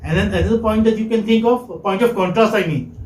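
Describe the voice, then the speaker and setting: Male lecturer, high pitch, quizzes students and repeats points, roomy echo. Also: fast, darkish tone. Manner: asks the class questions and praises answers, repeats points. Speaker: English teaching lecturer. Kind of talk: classroom lecture. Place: classroom. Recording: echoey classroom.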